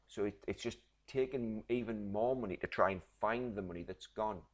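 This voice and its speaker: A man's voice: lowish voice, normal speed, hardly any pauses. A man, teaching a literature lesson, explaining patiently and checking in with "right?". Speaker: English teacher.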